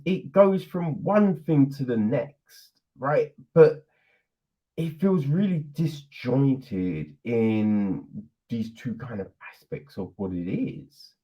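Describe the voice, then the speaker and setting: A man chats through a film review on his podcast with a lively, swooping voice, slow and drawn out. He laughs often and slips into mocking put-on voices for the characters. The audio is dull and lo-fi. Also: fairly high pitch. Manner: animated, laughing, acts out quotes in put-on voices. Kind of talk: casual spoken film review.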